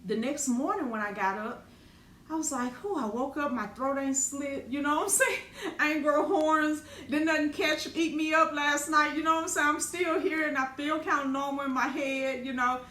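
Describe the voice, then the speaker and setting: A middle-aged woman who is a spiritual teacher and business owner tells a raw personal story with animated, profane, dramatic flair and colloquial speech. Her voice sits high at a moderate pace, recorded in an echoey room with faint ambient noise.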